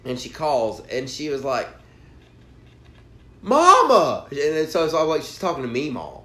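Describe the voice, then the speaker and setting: A young man telling a profane, animated story in casual chat as a podcast co-host. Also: medium pitch, a little fast. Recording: roomy room with faint background noise.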